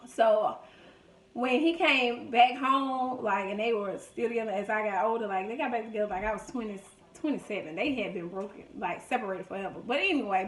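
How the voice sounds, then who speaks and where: In an echoey room, a distant mic catches a woman's medium-pitched voice along with a little hiss or hum. The vlogger casually shares family stories in a food video, chatting, reminiscing, and acting out the people she quotes with lively voices.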